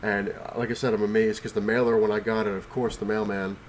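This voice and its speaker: A man's voice: on the low side, level tone, fast talker, a little hiss or hum. Sick, breathless man rambling about comics. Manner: rambling, full of fillers and restarts. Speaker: comic collector vlogger. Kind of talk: casual rambling vlog. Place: home, on the couch.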